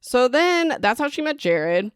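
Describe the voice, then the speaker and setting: A woman's voice: high voice, a little slow, clear, resonant tone, dry recording, clean studio sound. Chatty young woman recapping a book. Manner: chatty, lots of "like" and "whatever", excitable asides. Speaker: book podcast host.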